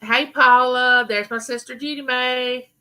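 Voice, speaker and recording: Her voice sits high and stays steady, bright and forceful, a little slow, with poor audio quality. She's a middle-aged woman from Mississippi, Southern-accented, hosting a YouTube live chat and greeting viewers by name in a casual way.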